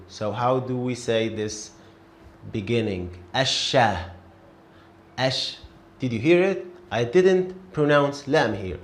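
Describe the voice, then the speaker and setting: Slow, patient man teaching in an echoey room. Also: mid-range voice. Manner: slow, patient, repeats words and syllables for learners. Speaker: Arabic teacher. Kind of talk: beginner language lesson.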